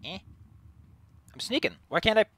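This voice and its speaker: A man's voice: high-pitched, big pitch swings, normal speed, sharp tone, slight background noise. A young man streaming a video game, rambling in sarcastic, casual commentary that is full of swearing. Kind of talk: casual let's-play commentary.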